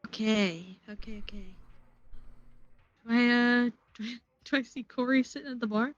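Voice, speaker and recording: A woman's voice: fairly high pitch, moderate pace. A woman playing a tabletop game, chatty and giggly. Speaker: player. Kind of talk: casual tabletop play. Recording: dull dry home mic.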